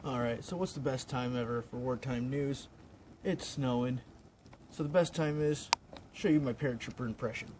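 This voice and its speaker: A man's voice: mid-range voice, moderate pace, darkish tone, a little hiss or hum, rough recording. A man filming a casual show-and-tell vlog outdoors in the snow, feeling cold and talking in a rambling, informal way. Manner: rambling, informal, restarts often. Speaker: WWII reenactor vlogger. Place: outdoors in snowy weather.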